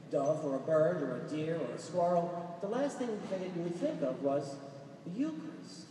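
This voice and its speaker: A man's voice: a little high, dark tone. A man from Brooklyn with a Brooklyn New York accent, a Franciscan friar giving a humorous conference talk and laughing at his own jokes. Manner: joking storyteller, laughs at his own lines. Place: large church or conference hall. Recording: echoey hall from far off, noisy.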